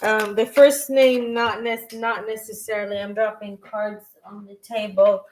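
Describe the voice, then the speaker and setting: A woman doing a live-stream tarot reading, reading chat questions aloud and answering them in a halting way, with frequent restarts. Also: mid-range voice, little pitch movement, low-quality recording. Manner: slow and unhurried. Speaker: tarot reader.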